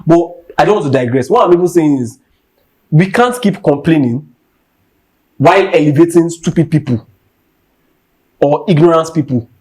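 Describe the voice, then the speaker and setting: A man's voice: a little high, animated, moderate pace, long pauses, a little mellow. A young Nigerian man hosting a podcast, ranting with heat and emphasis, driving his points home by repeating them. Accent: Nigerian English. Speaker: podcast host. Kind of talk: impassioned rant.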